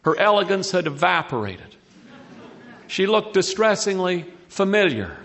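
Male storyteller, high voice, dry wry reading. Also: very animated, measured pace, fairly bright tone.

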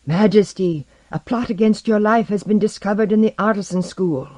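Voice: medium pitch, moderate pace, a little mellow, dry recording, pitched above the performer's own voice, close to an everyday voice. A reader voicing a palace official who gives a warning in a formal, urgent way.

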